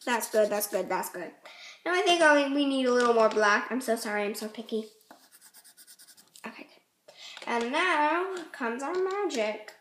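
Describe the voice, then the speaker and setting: A woman's voice: a little high, slight background noise. A woman hosting a casual craft tutorial, chatty and rambling, often apologizing as she explains. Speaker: art tutorial host.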